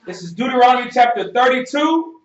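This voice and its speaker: A man in a class reading scripture aloud slowly and formally. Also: extremely high pitch, expressive. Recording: muffled, roomy, from far off the mic.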